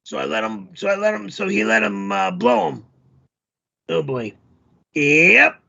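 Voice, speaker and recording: Hoarse man, rambling with fillers. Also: high-pitched, sing-song, measured pace, pushed and bright, lo-fi sound. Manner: rambling, hesitant, many fillers. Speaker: show host. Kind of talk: casual livestream storytelling.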